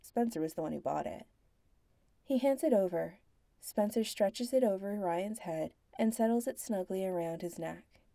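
Female narrator, low gravelly voice, very slow hushed storytelling, dry close sound. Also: dry recording. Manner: slow, hushed and intimate, slipping into whispers.

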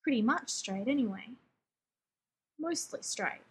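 A woman reading a story aloud in a wry, even way. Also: a little high, measured pace, slightly rough, low-quality recording. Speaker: reader.

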